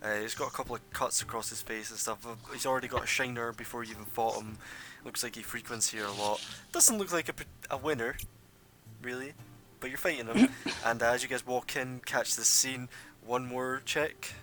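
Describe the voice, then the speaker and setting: A man's voice: medium pitch, fairly quick. A young man narrating a tabletop game as game master, rambling with many fillers.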